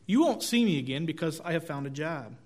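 A man's voice: fairly high pitch, big pitch swings, brisk, a little mellow. A grateful middle-aged woman, as a male preacher quotes her. She speaks plainly and sincerely.

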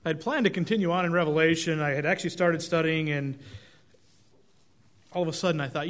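A middle-aged male pastor delivers a relaxed, conversational sermon. He tells folksy stories and pokes fun at himself. His voice sits a little high for a man. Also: fast, long pauses. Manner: conversational, self-deprecating, folksy storytelling.

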